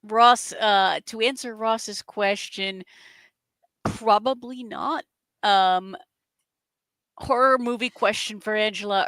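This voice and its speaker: A woman's voice: mid-range voice, fairly bright tone, no room sound. A woman from north of Boston with a mild Boston accent, co-hosting a casual chat in a hesitant way with many restarts. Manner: hesitant, many false starts and fillers. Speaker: podcast co-host.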